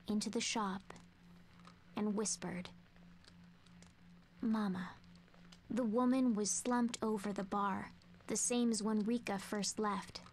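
An actress voicing a young girl who narrates a sad memory in a soft, slow, half-whispered game narration. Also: medium pitch, a little hiss or hum.

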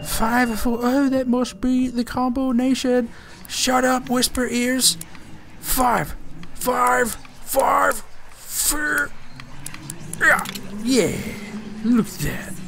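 A man's voice: very high voice, fairly even intonation, takes it slowly, creaky, noisy background. A man giving casual let's-play commentary on a horror game, joking and muttering to himself. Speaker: gamer playing a horror game.

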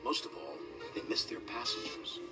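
A man giving a gentle, expressive scripted narration of a children's story. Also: fairly low pitch, normal speed, far from the mic, loud music behind the voice.

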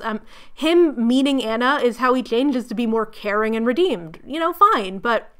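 A woman's voice: on the high side, a bit bright. A woman giving a casual, sarcastic and exasperated spoken book review.

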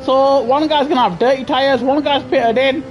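A man with a British accent giving chatty, excitable live commentary on a racing game over a headset mic, laughing often and grumbling in mock outrage. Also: extremely high pitch, normal speed, over music. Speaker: gaming streamer. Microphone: gaming headset.

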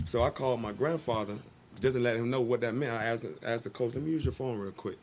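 A man talking quickly and animatedly, jumping into the voices of the people in his story. His voice sits in a middle range, with a faint hiss behind it. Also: mid-range voice. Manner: animated, acts out quotes. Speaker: guest storyteller. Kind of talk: casual storytelling.

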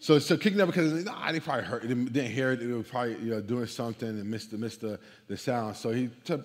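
A man's voice: mid-range voice, quick pace, few pauses. A man preaching from a church stage, retelling a story loosely and conversationally, often restarting and repeating himself. His mid-range voice rings out with a long hall reverb. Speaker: guest preacher. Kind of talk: sermon.

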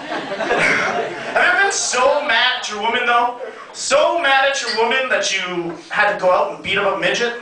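A man performing a crude stand-up comedy set, brash and punchy, with sudden loud bursts. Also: very high-pitched, moderate pace, very noisy. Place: comedy club stage. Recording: echoey club sound from a distant mic, crowd laughter. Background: audience laughing.

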